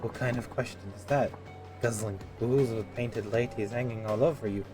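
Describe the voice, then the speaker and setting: A man's voice: mid-range voice, steady tone, normal speed, music in the background, natural voice. A man voicing a stern old male martial arts master with a solemn, preachy manner and an odd put-on accent.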